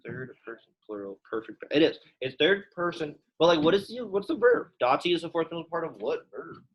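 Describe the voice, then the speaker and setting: A man's voice: fairly high pitch, expressive, brisk, breathy edge, dull audio. A young man teaching a Latin class in a classroom, chatty and casual, full of "like" fillers. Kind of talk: classroom lesson.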